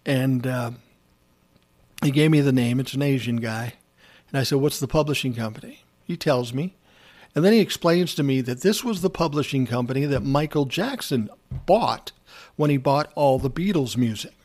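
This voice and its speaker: A man's voice: medium pitch, normal speed, darkish tone. A man who once managed a music artist, telling a personal story in a casual, blunt, conversational way. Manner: conversational, blunt, swears freely.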